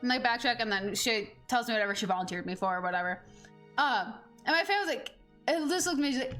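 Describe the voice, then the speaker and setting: Bright, high-voiced young woman rambling. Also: fast, soft background music. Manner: rambling storyteller, heavy on "like" fillers. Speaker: gaming streamer. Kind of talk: casual chat over gameplay.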